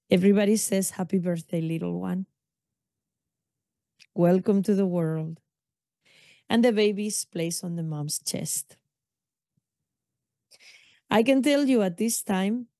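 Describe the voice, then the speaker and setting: A woman's voice: lowish voice, dry recording, clean studio sound. A middle-aged woman hosting a podcast as a doula, telling a personal story in an intimate way with frequent asides to the listener. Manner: warm, intimate retelling with frequent "you know" and "okay?".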